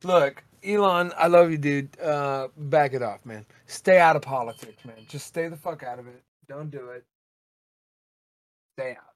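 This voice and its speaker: Animated, ranting married man, dry mic. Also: fairly high pitch, a little slow, dry recording. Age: adult, married. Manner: animated, ranting, swears freely. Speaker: podcast co-host. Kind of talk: casual podcast banter.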